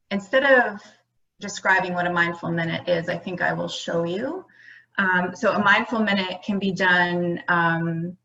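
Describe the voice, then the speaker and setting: A woman's voice: lowish voice, pushed and bright. A woman mindfulness educator giving an online conference talk to teachers, conversational and full of fillers and restarts. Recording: muffled lo-fi audio.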